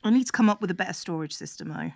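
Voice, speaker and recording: A woman's voice: fairly low pitch, wildly swooping pitch, very fast, no room sound. A woman chatting casually on a livestream, making dry, matter-of-fact remarks. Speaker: streamer host.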